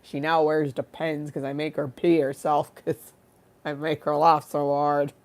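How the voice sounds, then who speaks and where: A woman's voice: low-pitched, little pitch movement, measured pace, a little mellow. A tired, yawning woman hosting a casual livestream talk show, rambling and self-mocking, laughing often and reading chat aloud.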